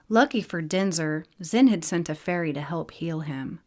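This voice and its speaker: A woman narrating a fantasy novel in a plain, even storybook reading. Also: low voice, moderate pace, few pauses. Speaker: audiobook narrator.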